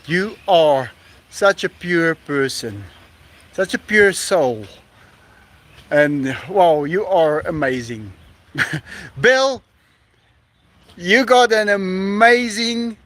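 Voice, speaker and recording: A man's voice: sits high, big pitch swings, takes it slowly, pauses often, a bit bright. A man hosting a casual live stream outdoors on a rooftop, effusive and laughing often as he reads out donations.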